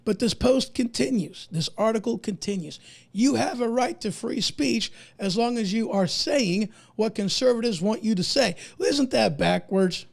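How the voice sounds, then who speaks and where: A man's voice: high-pitched, animated, moderate pace, vocal fry. A man from the United States who is losing his voice, giving emphatic, indignant opinion commentary as a podcast host and reading articles aloud in a folksy way.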